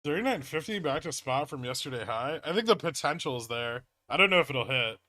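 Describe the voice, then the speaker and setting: A man's voice: a little high, expressive, a little fast, sharp tone, no echo, clean studio sound. A man hosting a livestream, casually commenting on trades as he reacts to the charts and swears now and then. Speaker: livestream host trading stocks.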